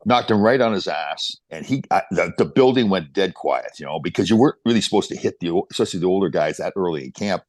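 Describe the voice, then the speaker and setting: A man in his sixties, a podcast guest telling animated stories with quick restarts. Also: low voice, dry recording. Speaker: podcast guest, former pro hockey player. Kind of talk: casual storytelling interview.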